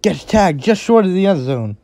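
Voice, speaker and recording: Calling the game live, this commentator keeps things calm on ordinary snaps but bursts into shouting on the big moments. Medium pitch, a moderate pace, and a dry recording.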